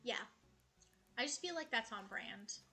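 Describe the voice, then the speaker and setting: A young woman gives a relaxed tour of her cozy game island, cooing affectionately at the characters. Her voice is bright and a little high, and soft game music plays underneath. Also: a little slow. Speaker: gaming streamer. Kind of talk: casual game tour vlog. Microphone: headset.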